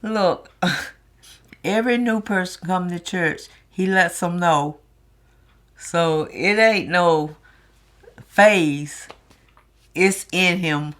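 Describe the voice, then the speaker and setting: A middle-aged woman recounts family stories in a documentary interview. Her voice sits on the low side, and she talks very slowly and heartfeltly, letting each thought land. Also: fairly bright tone. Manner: unhurried, heartfelt storytelling. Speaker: interviewee, sister.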